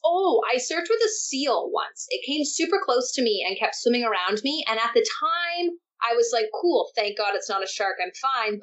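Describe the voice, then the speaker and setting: A young woman guest on an interview, telling surf stories in a lively, animated way with frequent laughs. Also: on the high side. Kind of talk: casual interview chat. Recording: dull lo-fi sound.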